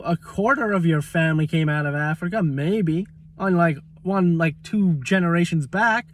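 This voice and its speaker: This vlogger speaks at normal speed in a slightly high voice, barely pausing, positioned far from the mic with a little background noise. Exasperated and swearing, he rants about a bad shop trade, mimicking the other person's words to mock them.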